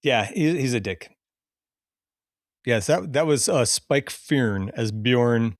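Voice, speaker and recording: A man's voice: medium pitch, animated, slow pace, no room sound, studio quality. A man hosting a casual podcast, chatting loosely and laughing often as he runs through a cast list. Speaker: podcast host. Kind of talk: casual chat.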